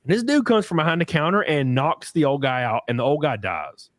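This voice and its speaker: A man hosting a podcast in casual chat, telling profane, animated stories with acted quotes. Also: fairly high pitch, fairly quick, no echo, studio quality. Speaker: podcast host.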